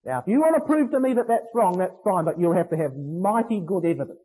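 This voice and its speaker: A man preaching a sermon, emphatic, slowing to stress phrases and asking rhetorical questions. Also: high-pitched, lively intonation, mellow, breathy edge, rough recording.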